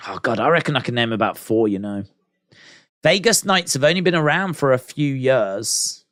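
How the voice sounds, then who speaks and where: A man's voice: on the high side, sing-song, moderate pace, fairly bright tone, no room sound, clean studio sound. A British man hosting a casual live stream, musing aloud, reading out viewer comments and poking fun at himself. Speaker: livestream watch-along host.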